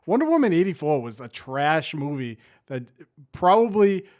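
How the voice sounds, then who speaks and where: A man's voice: fairly high pitch, very animated, moderate pace, darkish tone. A young adult man co-hosting a podcast, ranting bluntly with strong opinions in a casual chat. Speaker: podcast co-host.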